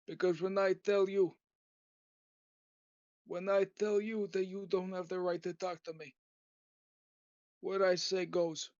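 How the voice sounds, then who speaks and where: A man voicing an aging, menacing mafia boss in a gruff mock-gangster drawl, recorded on a dull lo-fi setup. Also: high-pitched, flat delivery, a little slow, pauses often, a little mellow, no echo. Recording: dull lo-fi dry home recording.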